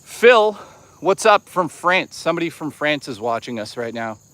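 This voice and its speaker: A man's voice: fairly high pitch, very animated, moderate pace, fairly bright tone, no room sound. A man hosting a casual livestream outdoors on a hike, rambling and swearing as he chats with viewers. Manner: rambling, profane, chatty with viewers. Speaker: livestream host.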